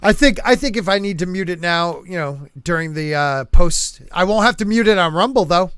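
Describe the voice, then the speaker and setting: Podcast host, high voice, lively, close dry mic. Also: male voice, brisk, clear, resonant tone, no echo. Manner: animated, joking. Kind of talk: casual podcast chat.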